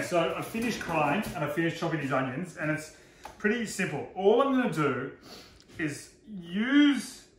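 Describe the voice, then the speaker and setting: Chatty chef in roomy kitchen. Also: male voice, medium pitch, fairly bright tone. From Australia. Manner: chatty, self-deprecating, laughs at own slips. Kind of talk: live cooking demonstration. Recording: roomy echo, faint noise.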